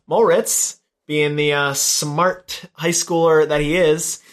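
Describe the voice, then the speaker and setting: A young man co-hosting a casual chat, retelling a film's plot with lively delivery and quick imitations of the characters' lines. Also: fairly high pitch. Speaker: podcast co-host. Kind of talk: casual movie recap chat.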